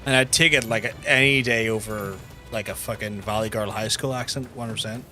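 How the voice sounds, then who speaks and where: A man's voice: fairly low pitch, fairly even intonation, fairly quick, sharp tone. A young man commentating his own gameplay live, sweary and blunt, ranting between fights. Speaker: gaming streamer. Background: game music.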